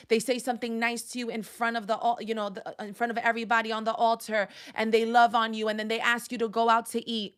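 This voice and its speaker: A woman counselor speaks on a faith-based live stream, with a voice sitting a little on the high side. She talks emphatically in a preacherly way and punctuates her points with exclamations. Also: fairly bright tone, smooth.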